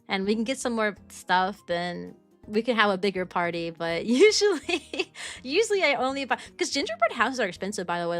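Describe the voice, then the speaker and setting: A young woman with a fairly high voice chats with her viewers, rambling and restarting her sentences as she goes. She is a streamer and a kindergarten teacher from the United States, and faint music plays under her talk. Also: a bit bright. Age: young adult. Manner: chatty, rambling with restarts and fillers. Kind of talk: casual chat answering viewers.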